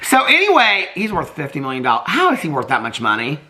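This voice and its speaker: Sassy, animated man in his fifties. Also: medium pitch, fast talker. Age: 50s. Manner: animated and sassy, swears freely, acts out quoted people. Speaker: TV reaction vlogger. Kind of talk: casual reality TV commentary.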